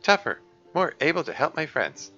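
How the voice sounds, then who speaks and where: A man putting on a cheerful young woman who won't let a friend brush her off. She sounds raised and bright, eager and coaxing, gently insistent. The recording is a little muffled, with faint music behind. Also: on the high side, big pitch swings, normal speed, voice pushed up, full character voice. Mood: encouraging. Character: caring, persistent young woman, upbeat friend.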